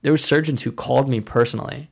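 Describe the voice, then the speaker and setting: A man's voice: mid-range voice, fast, gravelly. A man telling a personal story in a loose, rambling way, filling his sentences with "like" and acting out what others said. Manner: rambling, heavy use of "like", acts out quoted dialogue.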